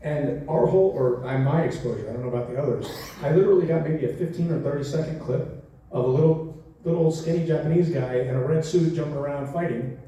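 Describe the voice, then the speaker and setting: A man's voice: a little high, fast talker. A man in his forties answering fan questions on a convention panel, telling stories animatedly with frequent laughs. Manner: animated, acts out quotes, laughs often. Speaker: actor, convention panel guest. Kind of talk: storytelling Q&A answers. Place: large convention hall. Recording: echoey hall from far off, faint noise.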